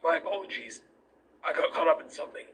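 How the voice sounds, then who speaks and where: A man's voice: fairly high pitch, lively intonation, quick pace, fairly bright tone, husky, heavily acted, rough recording. A man voicing a formal adult researcher who speaks politely and in clipped phrases. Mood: apologetic.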